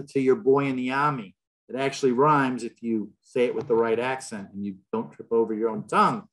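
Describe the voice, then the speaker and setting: A man giving an illustrated public lecture in a large hall, telling stories with a wry, joking manner. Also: mid-range voice.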